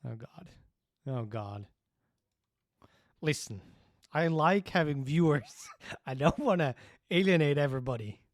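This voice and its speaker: A man's voice: on the high side, animated, a little slow, no echo, clean studio sound. A young man chatting casually on a livestream, rambling and thinking aloud while chuckling at his own ideas. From Switzerland. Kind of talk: casual stream chat.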